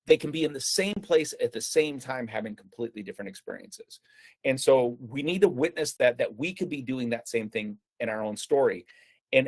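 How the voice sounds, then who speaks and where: A man's voice: medium pitch, darkish tone, slightly rough. A man, telling a personal story in a conversational talk with frequent fillers and restarts. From United States. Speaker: speaker presenting a talk.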